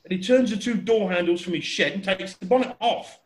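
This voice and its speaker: Chatty man, high voice, roomy echo. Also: fairly quick. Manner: animated, chatty, acts out voices and sounds. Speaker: storyteller. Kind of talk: casual anecdote telling.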